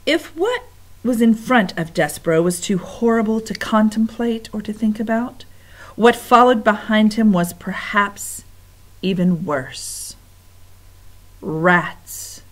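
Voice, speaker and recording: A woman reading a children's book aloud, expressive and dropping to whispers for suspense. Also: mid-range voice, measured pace. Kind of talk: storybook read-aloud.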